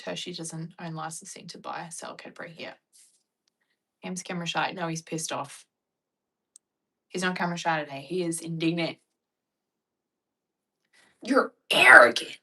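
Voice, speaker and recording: A young Australian woman chatting casually and bluntly with her viewers, joking and acting out animated retellings. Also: on the low side, rough recording. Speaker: vlogger. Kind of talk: casual chat reacting to viewer comments.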